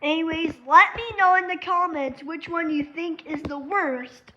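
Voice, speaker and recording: A woman's voice: very high-pitched, fairly even intonation, a little slow, pushed and bright, dull audio, slight background noise. A woman vlogging casually at a table at home, rambling and saying "anyways" between thoughts. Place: at a table indoors.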